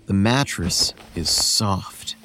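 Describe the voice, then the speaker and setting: A man's voice sits low as he narrates a first-person horror story as a tired homeless boy who looks roughly eleven. He speaks quietly, measured and weary, over soft background music.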